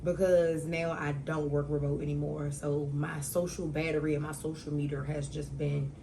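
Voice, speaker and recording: A young woman hosting her own talk show, telling stories casually with slang and sudden loud outbursts. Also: deep voice, flat delivery, normal speed, vocal fry, background noise.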